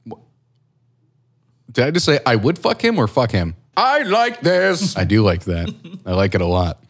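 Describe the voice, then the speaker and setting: Rambling, profane young man, lively voice. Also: on the low side. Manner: rambling, profane, self-deprecating, quick to laugh. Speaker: podcast co-host. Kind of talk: casual chat.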